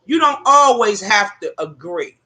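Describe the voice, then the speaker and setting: On her livestream, this woman speaks at a medium pitch, animated but unhurried, with a sharp edge. She spins casual, foul-mouthed stories for the people in her chat and addresses them as "y'all."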